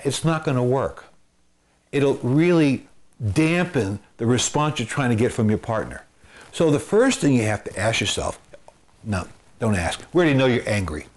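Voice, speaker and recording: A man's voice: medium pitch, sing-song, normal speed. A man who works as a marriage and family therapist, giving earnest advice to the camera, repeating phrases for emphasis and using everyday comparisons. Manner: gives homespun comparisons.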